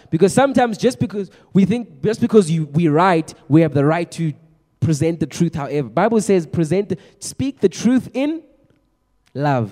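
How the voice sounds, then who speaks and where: A young man preaching to a youth group in a chatty, energetic way, often repeating his words. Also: on the high side, normal speed. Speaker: youth pastor. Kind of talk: youth sermon. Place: large room with a youth audience. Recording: long echo of a large hall.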